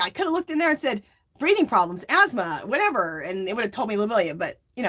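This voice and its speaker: A middle-aged woman hosting a livestream, telling a rambling story in a casual, animated way. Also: mid-range voice, fast talker. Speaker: livestream host.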